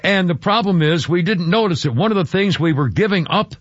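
A man's voice: high voice, expressive, fairly quick, dry recording, muffled recording. Dry-sounding radio host man. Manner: rambling, with restarts and chuckles. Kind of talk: casual radio talk and read-out essay.

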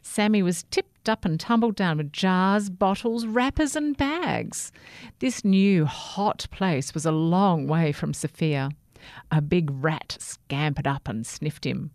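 Slow, gentle woman storyteller. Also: lowish voice, dry recording, clean studio sound. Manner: gentle, expressive reading. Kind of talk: children's story narration.

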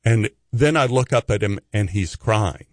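A middle-aged man telling a story in a radio studio. He is animated and acts out the other voices in his tale. The sound is close and dry, with no room echo. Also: lowish voice, measured pace. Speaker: actor telling stories as a radio guest.

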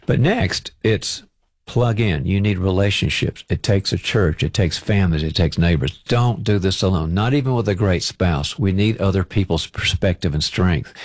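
A man, a parenting author, giving calm, direct and practical advice as a guest on a talk show. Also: low voice, dry recording.

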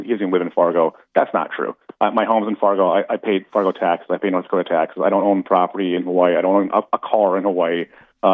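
A man with a very deep voice talks quickly over a tinny phone line. He speaks in a halting way, restarting his sentences as he makes his case. The sound is dry and narrow. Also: dry recording. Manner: halting, many restarts and fillers. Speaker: city commission candidate calling in. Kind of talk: casual phone interview. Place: in Hawaii on a phone.

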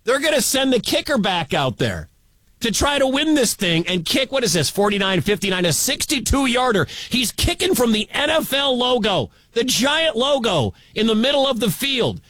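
A man calling a live football game on radio as play-by-play announcer, excitable and building to shouts at big plays. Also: very high voice, normal speed, hardly any pauses, no room sound.

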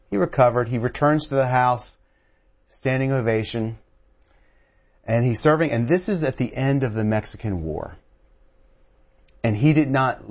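A man who wrote a book, telling a story as a guest on a call-in radio show. He talks in an animated way and keeps restarting his sentences. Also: medium pitch, lo-fi sound. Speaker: author guest.

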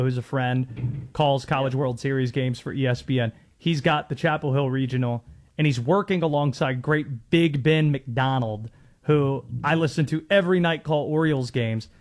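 A man in his thirties hosting sports talk radio in a chatty, amused way with rambling asides. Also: medium pitch.

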